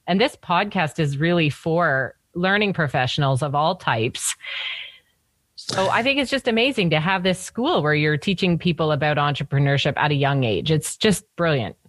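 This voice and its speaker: An enthusiastic woman hosts a podcast with a notably low voice. She sounds middle-aged and chatty. Her speech is close and dry, with no room echo. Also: animated, normal speed. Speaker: podcast host. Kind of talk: casual interview chat.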